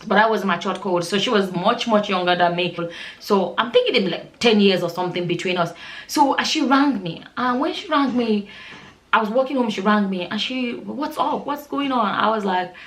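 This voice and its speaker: A woman's voice: medium pitch, brisk, fairly bright tone. A middle-aged woman from Nigeria telling a personal story in an emotional, rambling way, with many restarts and fillers. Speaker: vlogger. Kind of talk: storytelling vlog.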